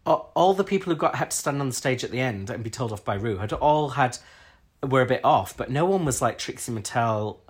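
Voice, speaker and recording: A man's voice: mid-range voice, animated, brisk, husky. A man from Britain co-hosting a podcast, giving frank, opinionated takes in casual chat. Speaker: podcast co-host. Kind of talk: casual chat reviewing a TV episode.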